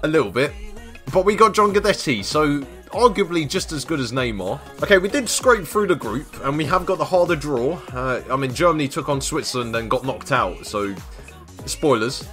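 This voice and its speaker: A man commentating his own football management game, dry and self-mocking, shouting when a goal goes in. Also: a little high, animated, moderate pace, soft background music. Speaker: gaming YouTuber.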